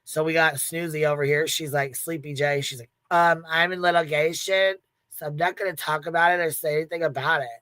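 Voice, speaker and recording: A woman's voice: low-pitched, fairly even intonation, brisk, fairly bright tone, no echo. A woman hosting a livestream in casual commentary, blunt and profane, laughing often as she retells events with quoted asides. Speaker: livestream host.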